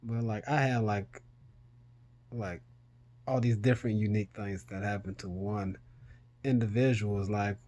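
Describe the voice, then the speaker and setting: A middle-aged man, telling a story casually to his vlog audience, animated and swearing freely. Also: unhurried, pauses often, highs cut off. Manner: animated, swears freely, rises in pitch when retelling panic. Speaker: vlogger.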